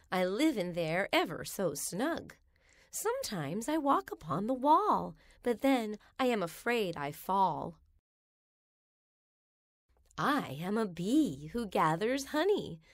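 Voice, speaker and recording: A woman reading children's rhymes aloud in a slow, sing-song storybook manner. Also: mid-range voice, sing-song, no room sound, clean studio sound.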